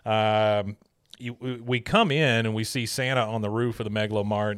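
A man's voice: fairly low pitch, steady tone, moderate pace, clear, resonant tone. A man casually recapping cartoon scenes and mimicking the characters as he goes. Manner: retells scenes and quotes characters in put-on voices. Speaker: podcast host recapping an episode. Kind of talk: casual chat.

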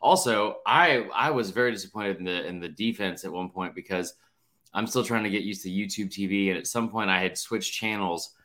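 A man co-hosting a college football podcast, talking in a rambling, animated way and swearing casually. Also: fairly low pitch. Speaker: podcast co-host. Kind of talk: casual sports chat.

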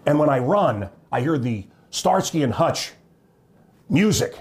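A man's voice: a little high, very animated, measured pace, a little mellow, husky. A middle-aged man from Missouri doing a jokey, ranting comedy monologue straight to the audience, full of wry asides. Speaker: comedian host. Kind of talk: stand-up style monologue to camera.

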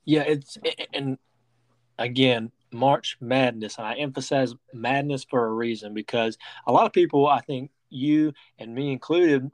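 Man, podcast host, casual sports talk, rambling delivery, middle pitch, dry close recording. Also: normal speed, dry recording. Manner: rambling, many restarts and fillers.

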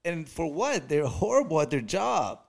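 A man co-hosting a podcast, chatting casually and agreeably as he airs calm complaints. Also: a little high, moderate pace, vocal fry. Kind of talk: casual chat.

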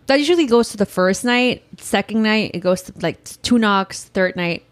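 A woman in her thirties in casual chat, an animated storyteller who acts out quotes. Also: mid-range voice, moderate pace. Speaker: podcast co-host.

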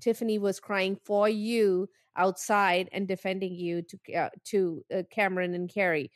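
A woman co-hosting a podcast in casual chat, blunt and animated, swearing freely as she breaks down a reality show. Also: medium pitch, moderate pace, dry recording, clean studio sound. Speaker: podcast co-host.

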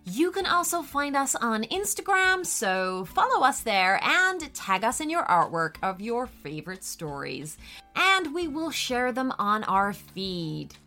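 Lively woman reading children's stories. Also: a little high, a little slow, faint music behind. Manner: upbeat, lively, addressing kids directly. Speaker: host and storyteller. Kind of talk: children's storybook narration.

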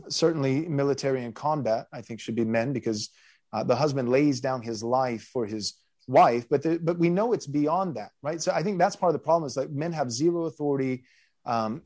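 Man, pastor host, casual discussion, earnest, mid-pitched voice, thinks out loud. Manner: thinking aloud, earnest, many restarts.

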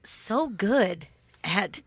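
A woman's voice: mid-range voice, lively intonation, very slow, slightly rough, no echo. A woman co-hosting a podcast, teasing her partner and giggling through casual banter. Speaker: podcast co-host.

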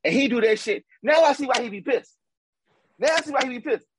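A man co-hosting a casual sports talk show, ranting with animated repetition and slang. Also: extremely high pitch, fast talker, noisy background. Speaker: podcast co-host.

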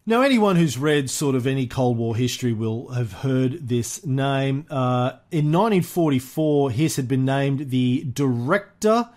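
A man's voice: mid-range voice, expressive, a little slow, few pauses, darkish tone. A man hosting a history podcast, telling the story in a chatty, casual way with frequent fillers and easy laughs. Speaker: podcast host.

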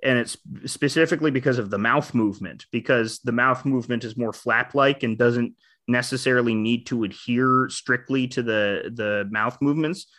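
Brief: male co-host, explanatory, hesitant, average pitch. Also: normal speed, fairly bright tone. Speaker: podcast co-host. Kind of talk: casual chat.

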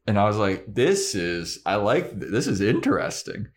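A podcast co-host with a lowish voice recaps an episode casually at a moderate pace. He's animated, acting out the characters' lines as he goes.

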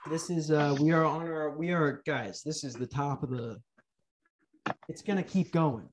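A man's voice: on the high side, moderate pace, noisy background. Young male podcast host, profane sarcastic rant style. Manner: swearing, ranting, sarcastic.

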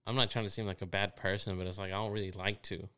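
Dude with a lowish smooth voice, laid back, cussing while he tells a story. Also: fast talker. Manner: relaxed storyteller, swears freely. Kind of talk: casual chat.

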